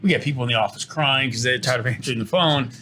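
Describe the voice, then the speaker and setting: An earnest middle-aged man pitches his business as a studio interview guest. His voice sits at an ordinary pitch, and he often repeats a word before finding the next one. A faint hiss runs underneath. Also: quick pace, sharp tone. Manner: earnest, pitching, repeats words when restarting. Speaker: trucking company owner, interview guest. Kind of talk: promotional interview talk.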